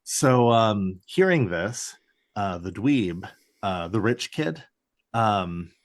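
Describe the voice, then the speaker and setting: A man co-hosting a laid-back podcast, rambling through an episode recap with constant fillers and the odd curse. His pitch swings up and down a lot as he talks, and he slips into mock voices for the characters. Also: very animated, slow pace. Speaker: podcast co-host. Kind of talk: casual chat, recapping a TV episode.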